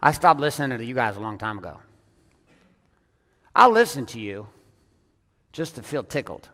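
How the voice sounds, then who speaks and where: A man leading a business audience as a coach, talking bluntly and with lots of swearing, swinging between loud emphatic bursts and hushed, intense passages. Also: medium pitch, big pitch swings, normal speed, big-room sound. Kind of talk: profane motivational talk on stage.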